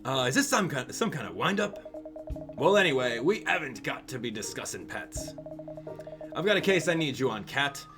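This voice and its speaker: A man's voice: medium pitch, sing-song, moderate pace, over music, lightly acted. A man reading out the lines of a blustering male police inspector from a game. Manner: reading game text aloud.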